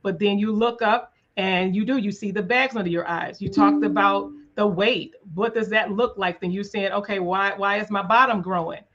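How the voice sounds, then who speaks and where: A woman hosts an interview in an earnest, thoughtful manner, asking questions and reflecting aloud. Her voice sits at a middle pitch, and the recording sounds dull and lo-fi. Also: normal speed, few pauses, fairly bright tone. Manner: earnest, thoughtful, faith-minded. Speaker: podcast host. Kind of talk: conversational interview.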